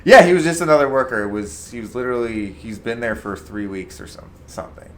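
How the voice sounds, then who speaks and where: A young man co-hosts a casual talk show, winding through a story about a coworker. He rambles, fills gaps with "like" and "right?", and puts on quick voices for the people in his story. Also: medium pitch, a bit bright, a little hiss or hum. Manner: rambling, with many fillers and acted-out quotes. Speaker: podcast co-host.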